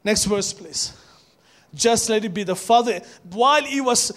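A man, a pastor preaching a sermon in church. He moves from quiet storytelling to fervent preaching and often repeats or restarts his words. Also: high-pitched, normal speed.

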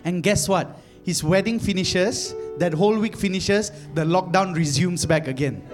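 A man from Malaysia preaching a sermon, telling an animated story with many repeated phrases that builds to fervent exclamations. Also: high voice, normal speed, soft background music. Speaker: pastor.

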